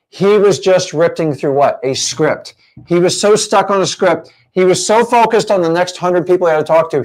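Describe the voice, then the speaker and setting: A man teaching a real estate training session, emphatic and full of rhetorical questions. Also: on the high side.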